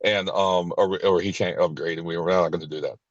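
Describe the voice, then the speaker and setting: A man with a lowish voice tells his own story in a blunt, profane way, tripping over his words and restarting. When he acts out other people's lines, his pitch jumps sharply. The sound is close and dry, with no room around it. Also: fairly even intonation, fairly quick, no room sound, muffled recording. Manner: blunt and profane, with frequent restarts and short laughs. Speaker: recovery group member sharing his story. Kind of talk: candid personal storytelling.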